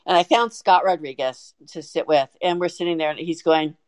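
A woman guest on a podcast, telling a story in an excited, animated way with frequent restarts. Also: sits low, normal speed, dry recording. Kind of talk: casual storytelling.

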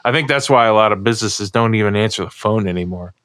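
A man's voice: on the low side, fast, a bit bright, dry recording. A man from the United States, co-hosting a casual podcast chat, telling a long story with many restarts. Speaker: co-host.

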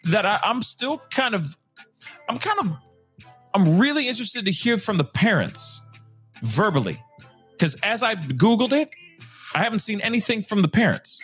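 A man's voice: sits high, big pitch swings, moderate pace, pauses often, a bit bright, soft background music. A man hosting a casual live news commentary show, talking straight to his viewers and laughing at his own jokes.

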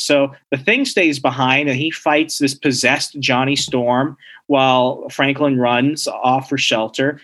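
A man co-hosting a podcast, casually recapping a comic book story with lively storytelling and quick bits of acting out the characters. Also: medium pitch. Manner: animated storytelling, acts out characters' lines. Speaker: podcast co-host.

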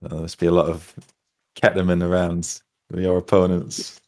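A man's voice: low voice, monotone, moderate pace, darkish tone. A man, co-hosting a podcast in casual chat, with dry, wry humor. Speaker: podcast co-host.

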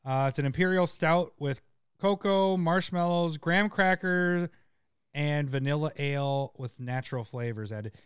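A man co-hosting a casual chat show, playful and quick to laugh. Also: fairly high pitch, clear, resonant tone, no echo, studio quality. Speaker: podcast co-host.

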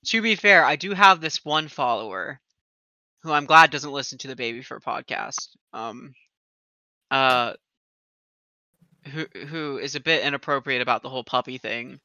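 A man's voice: mid-range voice, normal speed, pauses often, sharp tone, dry recording, muffled recording. A man chatting casually on a podcast, rambling with lots of fillers. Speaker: podcast regular and streamer. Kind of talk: casual chat.

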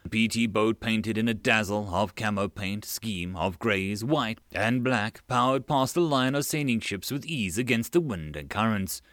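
A man's voice: lowish voice, moderate pace, hardly any pauses, fairly bright tone, dry recording, clean studio sound. A man reading a web-novel audiobook aloud, narrating and voicing every character. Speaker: audiobook reader.

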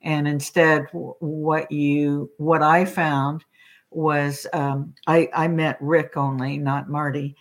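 A woman talking as an interview guest, chatty and lively as she tells stories. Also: low voice, takes it slowly. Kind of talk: casual interview chat.

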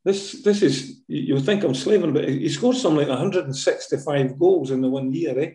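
A man's voice: on the high side, a little fast, mellow. Older Scottish man, chatty in a roomy space. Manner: chatty, tag questions, many fillers. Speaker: former footballer, guest. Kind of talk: casual interview storytelling.

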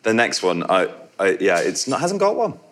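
A man's voice: sits low, wildly swooping pitch, normal speed, fairly bright tone, a little hiss or hum. A man with a Yorkshire accent, a film director answering audience questions in a chatty way, laughing often and restarting his sentences. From Yorkshire, England. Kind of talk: casual conversational answers.

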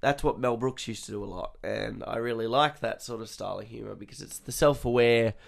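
A man's voice: medium pitch, brisk, vocal fry. A man co-hosting a film review podcast in casual chat, rambling and often trailing off mid-thought. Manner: rambling, trails off, restarts sentences. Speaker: podcast co-host.

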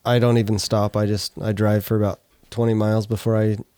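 A man's voice: lowish voice, flat delivery, quick pace, warm tone, clean tone, no echo, clean studio sound. A man co-hosting a podcast who chats casually and cracks crude jokes. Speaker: podcast co-host. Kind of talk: casual chat.

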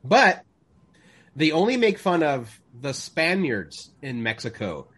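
A man with a husky, slightly raised voice tells stories in a casual podcast chat. His pitch swings widely as he jokes and acts out bits of dialogue. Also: takes it slowly. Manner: animated, jokey storyteller who acts out movie lines. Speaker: podcast co-host.

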